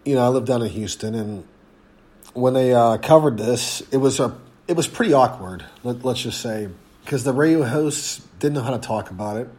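Male podcast host, stuffed-up and hoarse, loose rambling sports chat. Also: mid-range voice, moderate pace, darkish tone. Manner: rambling, frequent ums and restarts. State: congested, losing his voice. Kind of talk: casual sports podcast talk.

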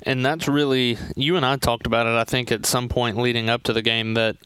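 A man with a smooth, resonant voice chatting about football in a relaxed, conversational way. He is recorded dry and close to the mic, with no room sound. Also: mid-range voice, a little fast, no echo. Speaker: sports podcast co-host. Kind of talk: casual sports chat.

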